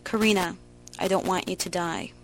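A woman reading the lines of a gentle, caring young man who speaks softly and tenderly. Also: lowish voice, steady tone, moderate pace, soft background music, lightly acted, poor audio. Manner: soft, hushed delivery.

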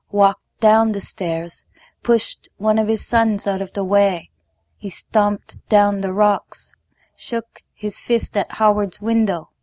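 A woman reading a first-person memoir story aloud in a measured, deliberate way, dropping to a hush at times. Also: medium pitch, no echo. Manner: measured, deliberate, sometimes hushed.

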